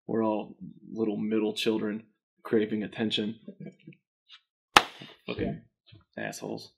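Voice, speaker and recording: A man's voice: lowish voice, sing-song, unhurried, creaky, low-quality recording. A male comedian in a documentary interview, speaking bluntly and profanely.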